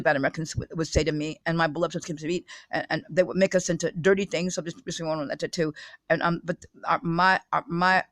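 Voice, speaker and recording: A woman's voice: lowish voice, fairly even intonation, quick pace, no echo. A woman talking straight to her viewers in a rambling monologue. She halts and restarts often, repeats words, and grows insistent and agitated. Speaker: self-published video speaker. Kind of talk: rambling direct-address monologue.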